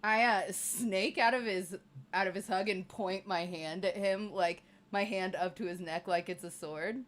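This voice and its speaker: Bright, playful woman player. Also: medium pitch, fairly even intonation, measured pace. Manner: playful, joking. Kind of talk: tabletop role-play.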